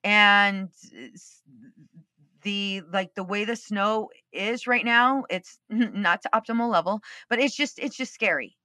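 Bright, candid woman podcast host. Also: mid-range voice, slow, dry recording, studio quality. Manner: candid and expressive, swears freely. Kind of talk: casual storytelling monologue.

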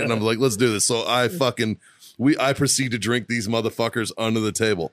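A man's voice: mid-range voice, fairly even intonation, a little fast. A man with a Boston accent, co-hosting a podcast and telling a long, profane story in casual chat. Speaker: podcast co-host.

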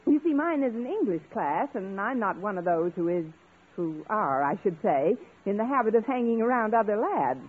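A woman's voice: medium pitch, very animated, husky. An actress playing a sarcastic, flustered female English teacher in a 1950s radio sitcom. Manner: quick, sarcastic, flustered bluffing. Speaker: schoolteacher. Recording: tinny old radio broadcast, audience laughter.

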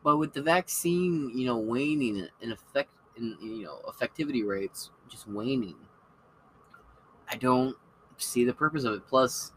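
A man with a bright, sharp voice holds forth on his podcast in a loose, cursing ramble. His delivery is casual and opinionated over a faint hiss. Each point sounds sure of itself. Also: mid-range voice, measured pace, low-quality recording. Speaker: podcast host. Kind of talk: casual monologue.

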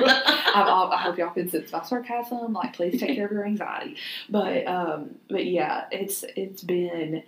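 A woman's voice: lowish voice, unhurried, fairly bright tone, echoey room, low-quality recording. A woman, co-hosting a faith podcast in a chatty, laughing, often sarcastic way. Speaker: podcast co-host. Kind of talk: casual faith podcast chat.

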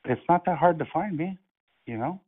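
Mocking prank caller on a phone line. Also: male voice, on the high side, moderate pace, slightly rough. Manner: calm, mocking, playing innocent.

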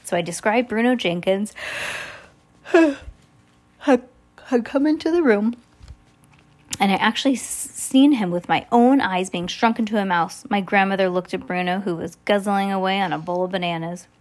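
A woman's voice: mid-range voice, a little fast, hardly any pauses. A woman reading a children's book aloud casually, often restarting and correcting herself. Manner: reads with frequent restarts and corrections. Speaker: reader.

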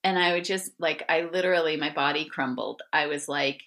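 A middle-aged woman telling personal stories as an interview guest, lively and often acting out the voices of others. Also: sits low, brisk. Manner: animated, acts out quoted voices, laughs often. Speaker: guest author. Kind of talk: conversational storytelling interview.

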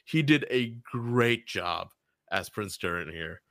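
A man co-hosting a podcast in casual chat, playful and quick to laugh. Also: fairly low pitch, expressive, fairly bright tone, no room sound, clean studio sound. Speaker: podcast co-host.

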